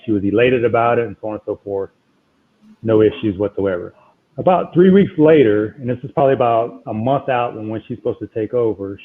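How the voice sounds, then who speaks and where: A man guest telling a story in a conversation, talking in an animated, emphatic way. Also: on the low side. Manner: animated, emphatic, retells exchanges with repeated "I'm like". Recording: tinny phone-like line.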